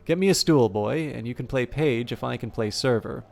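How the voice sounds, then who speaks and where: A man's voice: mid-range voice, normal speed, creaky, slight background noise, lightly acted. A man voicing a proud, hot-tempered male elf warrior who swears oaths and speaks sardonically. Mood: teasing.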